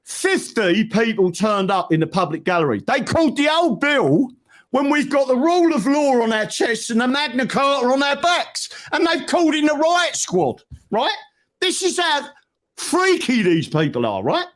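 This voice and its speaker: A man in casual chat tells a story with emphatic energy, checking in with a quick "right?" as he goes. His voice sits high and swings widely in pitch. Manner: animated, emphatic, keeps tagging "right?". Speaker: guest.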